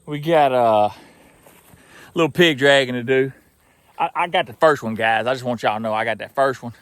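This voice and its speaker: A man's voice: mid-range voice, fairly quick, fairly bright tone, no room sound. A man with a Southern US accent, chatting folksily outdoors in a field while narrating his hog trapping vlog. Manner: folksy, chatty, laughs often.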